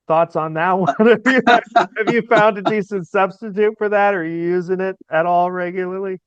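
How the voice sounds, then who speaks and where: A man's voice: high-pitched, normal speed, clear, resonant tone, dry recording. A man hosting a podcast, asking long, winding, curious questions in a casual way. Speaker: podcast host. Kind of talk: casual interview. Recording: dull lo-fi audio.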